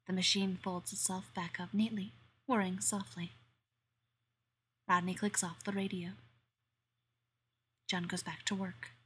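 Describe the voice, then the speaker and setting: A woman narrating an erotic audio story in a slow, intimate manner that slips into whispers. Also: medium pitch, little pitch movement, a bit bright, breathy edge.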